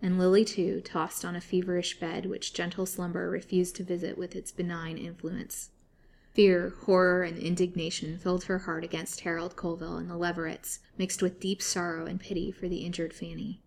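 Low-voiced woman reading a serial story. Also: normal speed. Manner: steady dramatic narration.

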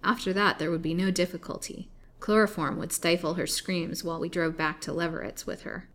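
A woman reading a storybook aloud, voicing a cautious, calculating villain doctor who lays out his plan in measured words. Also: lowish voice, steady tone, a bit bright, natural voice.

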